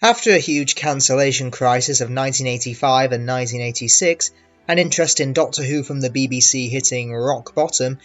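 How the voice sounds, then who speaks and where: A man's voice: mid-range voice, fairly bright tone. A man narrating a scripted review, opinionated and wry, with emphatic stresses. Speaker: video reviewer.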